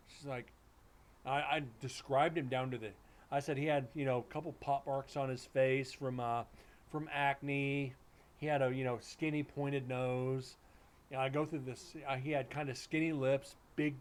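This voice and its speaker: Middle-aged male paranormal investigator, casual rambling storyteller, mid-pitched voice. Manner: rambling, animated storytelling with many restarts and quoted dialogue. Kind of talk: casual storytelling on a live stream.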